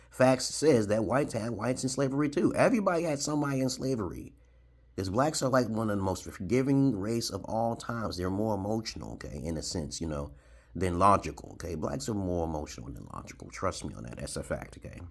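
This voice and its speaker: A man's voice: fairly low pitch, expressive, fairly quick, breathy edge. A man in his forties from Brooklyn, New York, telling a rambling story to camera and tagging his points with "okay?". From Brooklyn, New York, USA. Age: 40s. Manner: rambling, keeps adding "okay?", chuckles. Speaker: video blogger.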